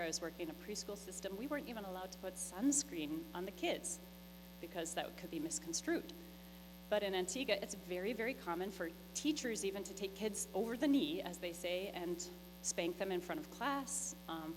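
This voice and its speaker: A middle-aged woman, a missionary teacher telling lively stories to a congregation and acting out the dialogue. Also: mid-range voice, moderate pace. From Canada. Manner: lively, anecdotal, acts out dialogue. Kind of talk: storytelling presentation. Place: church hall. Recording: echoey church hall with mains hum.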